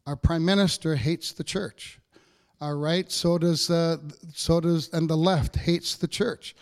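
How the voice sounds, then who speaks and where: A man's voice: a little high, fairly even intonation, a little slow. A man preaching a sermon as pastor, in a conversational style with frequent checks with the congregation.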